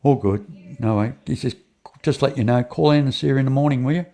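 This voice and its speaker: An older man speaks as an interview guest, telling a long personal story in a warm, mid-range voice at a fast clip. He rambles, repeats himself, restarts often, and acts out what the people in his story said.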